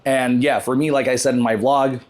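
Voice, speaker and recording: A young man hosting a casual podcast in a loose, joking manner, swearing freely and laughing often. His voice sits at a plain middle pitch. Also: little pitch movement, moderate pace. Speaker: podcast host.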